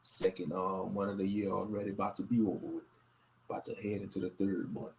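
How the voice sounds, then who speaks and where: Man, very low pitch, rough gravelly voice, monotone, weary, casual late-night stream host. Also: fairly quick, a little hiss or hum. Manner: low-key and monotone, rambling. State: tired, worn out. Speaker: livestream host.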